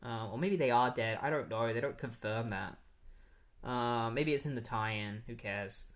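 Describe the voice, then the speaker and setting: Aussie-based podcast guy recapping comics, mid-pitched, rambly and sarcastic with lots of ums and likes. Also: measured pace, fairly bright tone. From Australia. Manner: rambling, sarcastic, frequent fillers. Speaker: podcast host. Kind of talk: casual comic-book recap.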